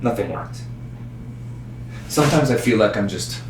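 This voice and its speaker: Pausing often, a young man speaks a little slowly in a fairly high voice as he performs a self-mocking solo piece on a small stage, telling it with animation. Roomy, distant audio holds faint ambience plus some hiss or hum.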